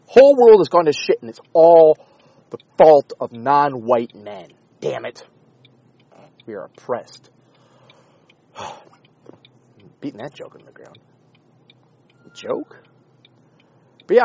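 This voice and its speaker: A man hosting a podcast, talking in a rambling, sarcastic, profane comedic monologue with a husky voice. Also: mid-range voice, sing-song, measured pace, mellow, no room sound, dull audio. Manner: rambling, sarcastic, swears often. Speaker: podcast host.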